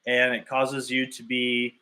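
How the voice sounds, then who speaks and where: A man's voice: mid-range voice, monotone, measured pace, pushed and bright. A man coaching clients on fitness and nutrition in a live talk. He explains his points through long hypothetical examples in a loose, conversational way. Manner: loose and conversational, thinking aloud.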